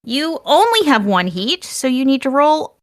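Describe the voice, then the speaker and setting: A woman's voice: high voice, big pitch swings, unhurried. A woman running a tabletop game as game master, laying out options step by step in an upbeat way.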